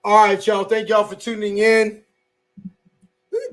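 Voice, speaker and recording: An excitable man hosting a casual fan podcast, his voice sitting a bit high for a man. He tells stories in a rambling, animated way, full of fillers and the odd curse. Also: a little slow, pauses often. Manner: excitable storyteller, swears, lots of filler. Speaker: podcast host.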